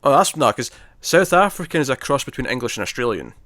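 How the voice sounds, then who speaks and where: Male co-host, casual film talk, giggly and self-correcting, medium pitch, dry booth sound. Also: very animated, quick pace, a bit bright, no echo. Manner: chatty, laughs often, self-correcting. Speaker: podcast co-host. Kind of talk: casual movie discussion.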